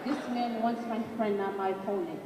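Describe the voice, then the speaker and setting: Student stage role: young woman as a hopeful dying statesman, measured rhyme, noisy reverberant hall. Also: mid-range voice, steady tone, lightly acted. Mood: solemn. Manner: measured rhyming delivery. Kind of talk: student spoken-word performance. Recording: echoey hall from far off, noisy.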